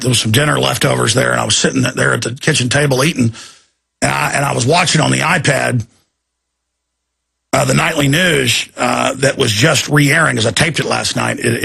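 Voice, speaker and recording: A man's voice: a little high, vocal fry, bright, forceful tone, breathy edge. A man hosting a talk-radio show, delivering an agitated, ranting monologue.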